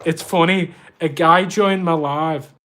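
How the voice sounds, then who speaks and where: A man's voice: fairly high pitch, steady tone, slow pace, a bit bright. A man with a Scouse accent chatting casually on a fishkeeping live stream, laughing often and poking fun at himself. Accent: Liverpool (Scouse).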